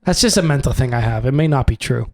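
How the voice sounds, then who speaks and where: A young man, co-hosting a podcast, who tells an animated, profane story and acts out the voices in it. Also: medium pitch, fast talker. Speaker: podcast co-host. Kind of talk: casual storytelling chat.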